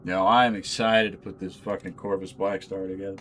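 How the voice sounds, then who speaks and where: A man's voice: low-pitched, little pitch movement, brisk, fairly bright tone, a little hiss or hum. A man casually chatting while he assembles miniatures. He is laid-back and profane and laughs often. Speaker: channel host.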